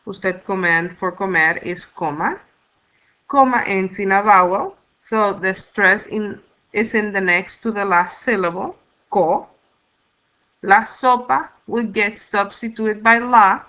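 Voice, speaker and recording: A woman teaching as a Spanish teacher in a recorded slide lecture, explaining slowly and carefully, counting out the steps. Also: mid-range voice, sharp tone, lo-fi sound.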